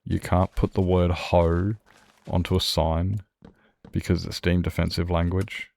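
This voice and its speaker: Low gravelly man rambling. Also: flat delivery, a little slow, darkish tone. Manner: rambling, laughs often, self-mocking. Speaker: streamer. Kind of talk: casual gaming stream chat.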